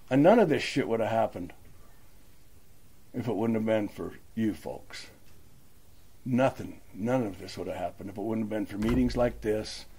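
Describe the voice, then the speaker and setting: A man's voice: medium pitch, mellow, husky. Older man telling his recovery story. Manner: emotional, storytelling, folksy and plainspoken. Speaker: recovery meeting speaker. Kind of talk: personal recovery story at a meeting. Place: meeting room.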